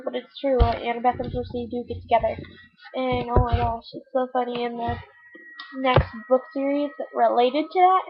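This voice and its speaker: A teenage girl who runs a book vlog chats casually about books to her webcam, giggling and using lots of filler words. Her voice sits high and sounds creaky and husky. The webcam microphone gives dull audio with a faint hiss.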